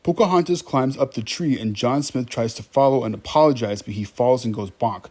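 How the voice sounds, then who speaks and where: A man's voice: medium pitch, fairly quick, few pauses, darkish tone. Chatty man recapping a movie. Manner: wry, chatty, talks to viewers. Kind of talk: casual movie recap commentary.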